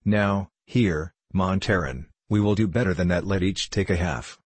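A man's voice: deep voice, moderate pace, no room sound. A man reading as a teasing young guardsman. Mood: bantering. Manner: mock-serious, bantering.

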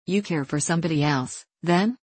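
An earnest, impulsive young man in love speaks eagerly, as a woman reads his lines. The voice is low, heard close and dry. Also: moderate pace, darkish tone, husky, dry recording. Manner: eager, earnest storybook speech.

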